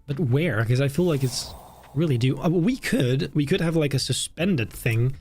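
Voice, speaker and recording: A young man with a British accent chats casually on a live stream, thinking out loud as he works. His tone is self-mocking and talkative, his pitch sits in the middle, and soft music plays faintly under his voice. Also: animated, moderate pace. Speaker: streamer building a theme park. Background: faint background music.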